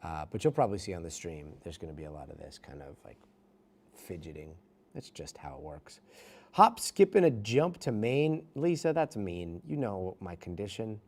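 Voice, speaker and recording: A man's voice: sits low, animated, normal speed, warm tone, slight background noise. A middle-aged man, a news anchor, chatting casually with livestream viewers from a studio, self-mocking and reading comments aloud.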